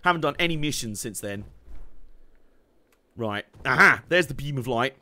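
A young man giving casual, excitable gameplay commentary, laughing, swearing and humming along as he plays. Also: mid-range voice, moderate pace. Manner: excitable, laughing, swearing, hums tunes while playing. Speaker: game streamer.

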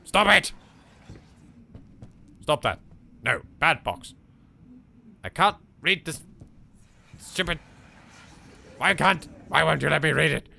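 Animated English man joking through a game. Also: fairly high pitch, slow, vocal fry, pauses often. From England. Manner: animated, jokey, talks to objects, swears. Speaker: let's play host. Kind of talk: casual gameplay commentary.

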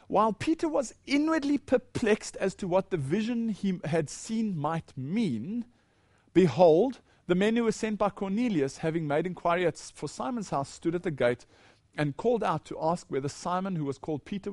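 A man's voice: high-pitched, animated, normal speed, a little mellow, dry recording. A man giving a Bible teaching lecture, leading listeners through verses and asking questions before he answers them.

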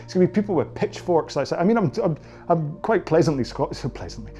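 A man's voice: on the high side, expressive, brisk, dark tone. A Scottish man in his forties talks viewers through stretches as a rowing coach. He is chatty and jokes at his own expense. Faint music plays in the background. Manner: chatty, joking and self-mocking. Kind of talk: guided stretching class, casual chat.

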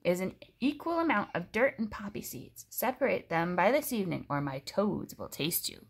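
Woman voicing a sneering storybook crone, squawky and rusty, lively pitch swings. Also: normal speed, vocal fry, slightly rough, heavily acted. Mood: menacing. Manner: sneering, wheezing, cackling. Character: scary old witch, sneering and greedy.

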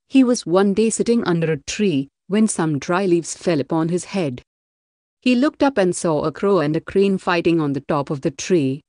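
A woman narrating an audiobook of a religious text in a measured, deliberate reading. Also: lowish voice, a little mellow, dry recording, studio quality.

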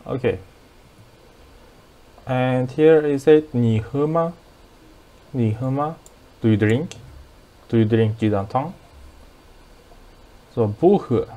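Man, Turkish accent, language teacher, very slow, mellow dark tone, patient drills. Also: mid-range voice. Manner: patient, repeats words and drills aloud. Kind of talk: slow explanatory lesson.

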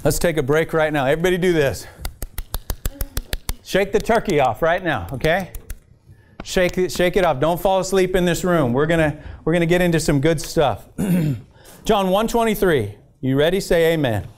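A man with a slightly high voice at normal speed preaches a sermon during a church service. His call-and-response style has him asking the congregation "amen?" over and over as he tells scripture as a story, restarting often.

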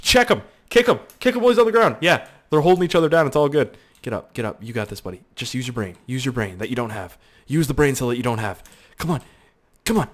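A man giving excitable let's play commentary, swearing freely, yelling at his game characters and mocking himself. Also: medium pitch. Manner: self-mocking banter. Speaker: gaming YouTuber.

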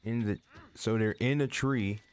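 A man's voice: on the low side, fairly even intonation, a little slow. A man giving casual gameplay commentary, playfully coaxing and teasing the characters and his horse. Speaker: let's play host.

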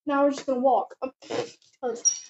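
A teenage girl vlogging outdoors at home, chatting in a rambling, giggly, excitable way into a handheld phone. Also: high-pitched, moderate pace, slight background noise. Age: teens. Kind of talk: casual chatty vlog. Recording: dull, muffled phone audio.

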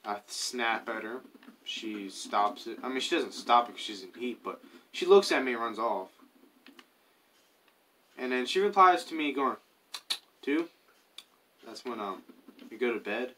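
A man's voice: mid-range voice, lively intonation, measured pace, pauses often, pushed and bright. A man in a mid-range voice gives loose, chatty gameplay commentary, drifting between stories and muttered asides. He sounds a little distant from the microphone, with a faint hiss in the background. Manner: rambling, chatty, muttering to himself, hums while playing. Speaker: gaming YouTuber.

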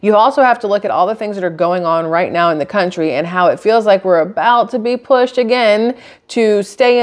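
A woman hosting her own channel, reading news items aloud and then giving her blunt opinions in a casual way. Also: medium pitch. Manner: opinionated, reads articles aloud then riffs. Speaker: channel host. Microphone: camera microphone.

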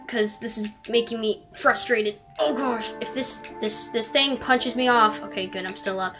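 A woman's voice: on the high side, fairly even intonation, moderate pace, few pauses, over music. Chatty woman ranting through gameplay. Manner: chatty, rambling, bursts into frustrated exclamations. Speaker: gaming video creator. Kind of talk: gameplay commentary.

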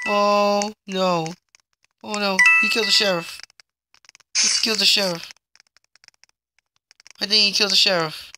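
Excitable woman gaming, noisy phone mic. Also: a little slow, long pauses. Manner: excitable, frequent exclamations and laughter. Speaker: gaming channel host. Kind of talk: excited let's play commentary. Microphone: phone microphone. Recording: noisy, low-quality phone recording.

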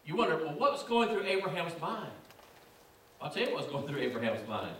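A man's voice: on the high side, very animated, a little fast, fairly bright tone, a little hiss or hum. A man preaching a sermon, reading scripture and building to emphatic, repetitive exhortation. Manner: emphatic, repetitive preaching cadence with rising fervor. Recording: echoey room, distant mic.

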